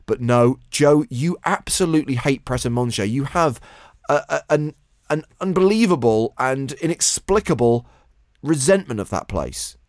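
A man co-hosting a poker podcast, recapping events in a measured, wry way. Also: medium pitch, expressive, no echo, clean studio sound. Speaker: poker show co-host. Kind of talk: casual podcast chat.

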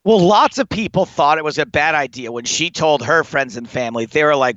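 High, animated man telling comic stories. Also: a little fast, no room sound, muffled recording. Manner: rambling, animated, swearing often, laughing through stories. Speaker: guest storyteller. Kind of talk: comic anecdote on a podcast.

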